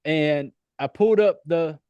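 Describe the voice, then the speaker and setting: A man's voice: fairly high pitch, measured pace, warm tone, clear, resonant tone, no echo, highs cut off. A man with a Southern US accent hosting a podcast interview, chatty, laughing often and swearing freely. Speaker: podcast host. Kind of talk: casual interview chat.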